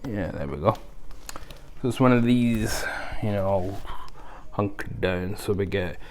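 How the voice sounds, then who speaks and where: A man's voice: fairly low pitch, measured pace, a little mellow, a little hiss or hum. A man hosting a casual unboxing review, chatty and rambling with lots of fillers. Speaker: video host.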